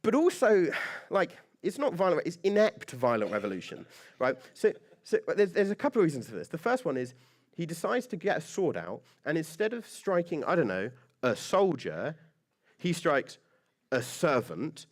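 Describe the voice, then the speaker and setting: A man's voice: a little high, wildly swooping pitch, normal speed. Man preaching a chatty sermon. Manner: conversational and joking, asks many rhetorical questions. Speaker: pastor.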